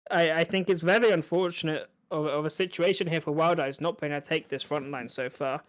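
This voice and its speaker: A man with a somewhat high voice calls a strategy card game match as a caster. He works through the options out loud, analytical, often repeating a word as he restarts. The delivery is conversational play-by-play. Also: fairly even intonation, brisk. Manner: analytical, frequent small restarts. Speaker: esports caster. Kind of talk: play-by-play commentary.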